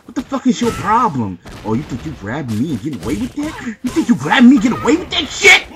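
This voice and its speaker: A man giving live fighting-game commentary, boasting and trash-talking the opponent with heavy profanity, often shouting. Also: high-pitched, huge pitch swings, fast talker, heavy background noise. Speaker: gameplay commentator.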